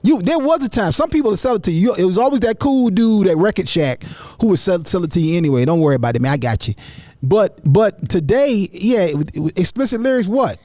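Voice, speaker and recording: A man with a high, very lively voice hosts a casual panel talk, swooping up and down as he riffs and repeats himself. His voice sits close and dry on the mic, with no room sound around it. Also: brisk, no room sound. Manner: animated, repeats words, acts out others' voices. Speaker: talk show host.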